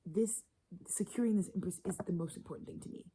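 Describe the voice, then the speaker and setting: Rambling through a casual tarot reading, this woman is blunt and profane, now and then sinking into a whisper. She talks fast with a medium pitch and a dark tone, and the rough recording carries a little hiss or hum.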